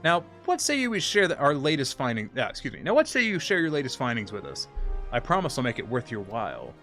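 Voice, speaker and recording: A man voicing a pompous, theatrical gentleman inspector in a game read-along, with a raised voice. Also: mid-range voice, wildly swooping pitch, quick pace, soft background music. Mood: grandiose. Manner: theatrical, grandiose.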